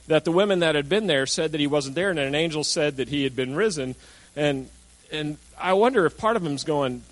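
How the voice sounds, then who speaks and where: Pastor, male, somewhat high voice, storytelling sermon delivery, acts out quoted lines. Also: poor audio.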